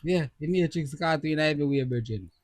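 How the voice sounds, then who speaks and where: Jamaican male podcast co-host, emphatic and repetitive, fairly high-pitched, close and dry. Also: fairly quick, no room sound. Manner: animated, repeats phrases for emphasis. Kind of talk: casual chat.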